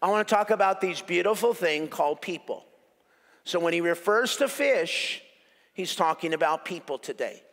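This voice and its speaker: A male pastor preaching an animated sermon, cracking jokes and hammering phrases by repetition. His voice sits high for a man and carries a gravelly rasp. It rings out with long reverb in an echoey church hall. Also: moderate pace.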